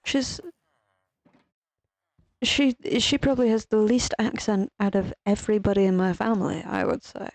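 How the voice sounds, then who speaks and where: A woman's voice: mid-range voice, moderate pace, long pauses, darkish tone, dry recording, poor audio. A woman from Ireland with an Irish accent, rambling casually while she plays a game and swearing freely. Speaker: streamer. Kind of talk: casual gaming chat.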